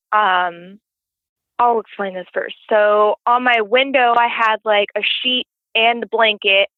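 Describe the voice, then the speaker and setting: A woman's voice: mid-range voice, no echo. A woman calling in to tell a story in a casual, rambling way, full of "like" fillers. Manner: rambling, heavy use of "like" fillers. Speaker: guest caller telling a paranormal story. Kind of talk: casual storytelling over the phone. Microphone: phone. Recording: tinny phone line, dry.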